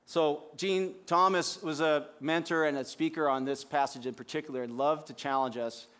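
Conversational pastor preaching a sermon. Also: male voice, a little high, steady tone, moderate pace, fairly bright tone, clean tone. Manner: conversational, with frequent restarts.

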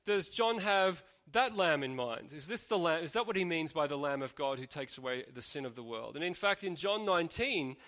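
A man's voice: a little high, animated, moderate pace, hardly any pauses, a bit bright. A man preaching a sermon, thoughtful, posing rhetorical questions and often restarting his sentences.

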